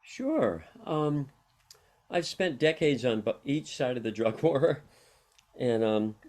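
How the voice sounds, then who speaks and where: A man's voice: medium pitch, lively intonation, takes it slowly, darkish tone. Middle-aged man telling rambling stories. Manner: rambling, anecdotal, laughs often. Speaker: interview guest, harm reduction worker. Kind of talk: casual storytelling interview.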